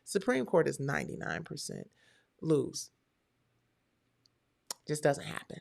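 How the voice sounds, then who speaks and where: A woman's voice: low voice, wildly swooping pitch, slow pace, creaky, darkish tone. A woman hosting a live stream, chatting casually and talking straight to her viewers.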